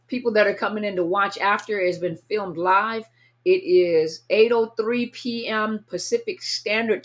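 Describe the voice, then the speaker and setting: A woman hosting a casual live stream, greeting viewers one by one and sounding a little tired. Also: medium pitch. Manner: warm, chatty, reads viewer names aloud. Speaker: livestream host greeting viewers. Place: at home, California.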